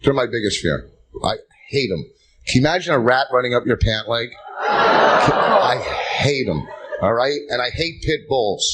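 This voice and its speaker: Working a club stage, a stand-up comedian sounds tired as he delivers short, punchy jokes capped with "okay?" and "right?". He speaks at normal speed with a medium-pitched, animated voice, and the live recording is full of crowd noise and loud laughter.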